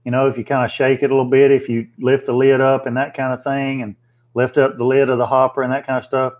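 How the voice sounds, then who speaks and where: A man's voice: medium pitch, completely flat delivery, fast talker, narrow, tinny audio. A man hosting a casual livestream, chatting plainly with viewers and thinking aloud with fillers. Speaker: livestream host. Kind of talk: casual live chat reading viewer comments.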